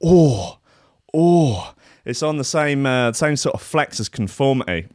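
A man's voice: mid-range voice, expressive, measured pace, darkish tone, dry recording, clean studio sound. A man hosting a live radio show, chatting in a rambling, irreverent way with plenty of swearing. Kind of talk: casual live radio chat.

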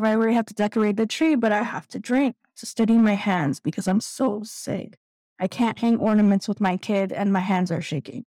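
A woman's voice: medium pitch, dark tone, dry recording, poor audio. Candid woman telling a painful story. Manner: candid, halting, tearful at times. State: close to tears. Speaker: guest sharing recovery story. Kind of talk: emotional personal testimony.

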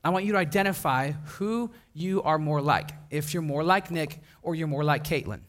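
A young pastor from Wisconsin delivers a casual sermon in a slightly high voice at a moderate pace. He's animated, laughing as he tells stories and acting out the voices of the people in them.

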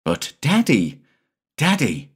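A man reading a story aloud, voicing an excited, breathless little boy who pleads with his father. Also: slow pace, slightly rough, full character voice. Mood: excited pleading. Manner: breathless, pleading, high-pitched.

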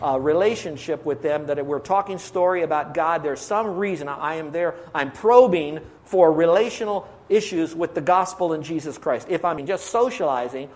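A pastor preaching a sermon, asking his congregation questions and drawing out key words slowly. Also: on the high side, a little mellow.

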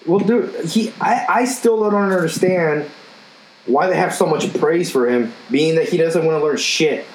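A man's voice: fairly high pitch, measured pace. A young man and factory worker in casual chat, blunt and heated, swearing constantly. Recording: roomy sound with faint noise.

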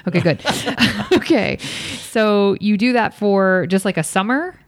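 A woman's voice: mid-range voice, animated, slow pace. A woman hosting a podcast, chatting casually and playfully with her guest, swearing freely. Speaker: podcast host. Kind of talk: casual interview chat.

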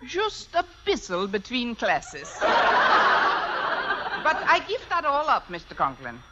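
A woman's voice: on the high side, huge pitch swings, takes it slowly, heavily acted. A woman in a 1950s radio sitcom putting on a mock German accent to play a boozy, sly German teacher, drawling mischievously. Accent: put-on German. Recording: dull old radio broadcast, loud hiss.

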